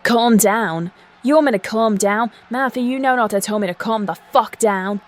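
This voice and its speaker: A woman's voice: fairly high pitch, moderate pace, close to an everyday voice. A woman voicing an enraged, foul-mouthed female wrestler cutting a threatening wrestling promo in a fan-voiced game story. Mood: furious. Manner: menacing, threatening, curses.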